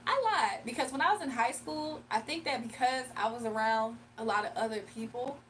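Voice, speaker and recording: A woman's voice: on the high side, fairly quick, fairly bright tone, recorded from a distance, a little hiss or hum, rough recording. A young woman with a Southern accent, chatting casually on a livestream as she reads out comments and laughs often. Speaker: livestreamer and spiritual reader. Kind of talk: casual livestream chat, reading comments aloud. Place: home room.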